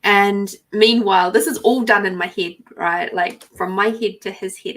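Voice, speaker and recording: A woman with an Australian accent, hosting a podcast and telling a personal story in a soft, reflective way, sometimes dropping to near whispers. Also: medium pitch, fairly even intonation, moderate pace. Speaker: podcast host. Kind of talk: casual storytelling.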